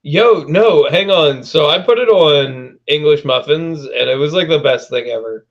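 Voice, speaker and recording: A man's voice: on the high side, moderate pace, highs cut off. A young man talking casually with his older brother, drawling and laid-back as he tells stories. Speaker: guest. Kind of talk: casual chat between brothers.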